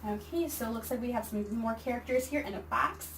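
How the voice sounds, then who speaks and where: A kindergarten teacher giving a virtual reading and phonics lesson, reading each word slowly and clearly for young children. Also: female voice, fairly high pitch, distant mic, slight background noise, rough recording. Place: home or classroom, recording a video lesson.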